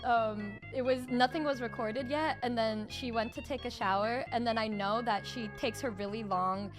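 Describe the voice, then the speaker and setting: A young woman with a very high voice chats casually with a friend. She teases and stays animated, breaking into loud laughter. Faint music plays behind her. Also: normal speed. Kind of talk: casual chat.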